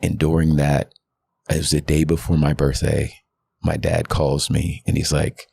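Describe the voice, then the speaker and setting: A pastor in his thirties speaks with an exceptionally deep voice that has a heavy fry. The tone is husky and rough around the edges. He tells his story earnestly and from the heart, on a podcast mic. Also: level tone, measured pace, darkish tone. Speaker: guest pastor. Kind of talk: candid personal testimony.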